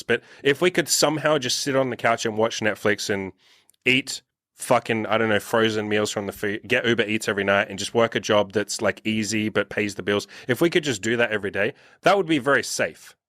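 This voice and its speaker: A young man hosting a casual podcast conversation as a dating coach, talking bluntly with lots of swearing and animated acted-out quotes. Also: lowish voice, brisk, no room sound, studio quality. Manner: blunt, profane, animated storytelling.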